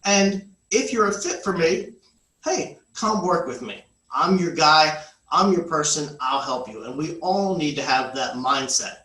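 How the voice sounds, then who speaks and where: A man's voice: on the high side, expressive, unhurried, pushed and bright. Upbeat male instructor in an echoey room. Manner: upbeat, conversational, with filler "uh"s. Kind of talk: class for real estate agents.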